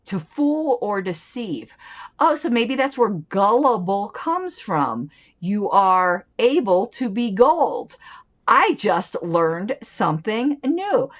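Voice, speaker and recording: A woman hosts her own commentary show, reading an old newsletter aloud. She keeps breaking into playful, chatty side remarks, with a lively, swooping delivery at a middle pitch. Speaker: political commentary channel host.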